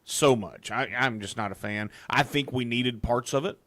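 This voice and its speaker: A man's voice: mid-range voice, moderate pace, fairly bright tone. A man hosting a casual political talk show, agreeable and chuckling along with his guest.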